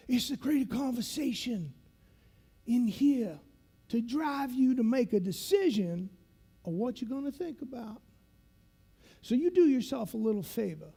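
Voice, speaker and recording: A man voicing a grizzled older male Navy SEAL instructor with a gravelly voice, who talks in a slow, folksy drawl. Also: very high voice, mellow, voice pushed up, full character voice.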